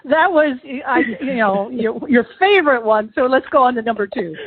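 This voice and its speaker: A woman's voice: a little high, lively intonation, normal speed. A woman hosting an interview, chatty and eager, asking her guest for stories and reacting to them. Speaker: podcast host. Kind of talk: casual interview. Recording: tinny phone-like line.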